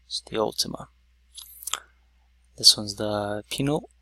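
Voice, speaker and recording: A man teaching a whiteboard lesson, explaining slowly step by step with many "so"s. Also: fairly low pitch, bright, forceful tone, dry recording. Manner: slow, stepwise explaining with many "so"s.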